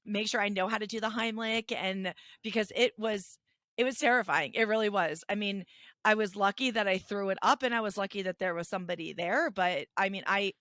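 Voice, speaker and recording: A woman co-hosting a casual podcast chat, telling a story in an animated, chatty way with lots of restarts. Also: medium pitch, a little fast, no room sound. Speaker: podcast co-host.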